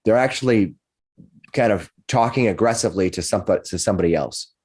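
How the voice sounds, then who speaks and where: Halting man running a tabletop game. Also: on the low side, a little mellow, breathy edge. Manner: halting, restarts often, laughs between lines. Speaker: dungeon master.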